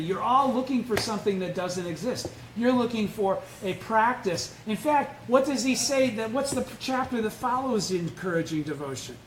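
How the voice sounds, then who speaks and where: High-voiced man teaching in an echoey room. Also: animated, normal speed, hardly any pauses. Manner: keeps questioning the group, blunt and emphatic. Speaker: study group leader. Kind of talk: informal Buddhist study lecture. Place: indoor meeting room, live-streamed. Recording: echoey room with faint noise.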